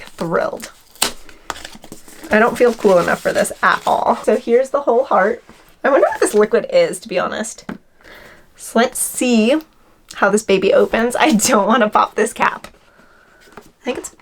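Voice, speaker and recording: A woman in her twenties chatting excitedly as she unboxes and reviews skincare products, gushing and thankful. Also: medium pitch. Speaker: beauty vlogger.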